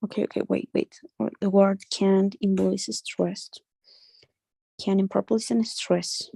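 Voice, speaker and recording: A woman taking an English lesson, thinking aloud in a hesitant, halting way as she works through a question. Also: medium pitch, level tone, creaky, dark tone, slightly rough. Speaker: English student.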